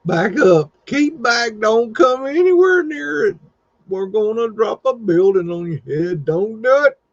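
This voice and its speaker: Brash folksy demolition worker, high and loud, put on by a man; dull lo-fi sound. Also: creaky, no room sound, full character voice. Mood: hollering. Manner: loud drawling shouts of warning.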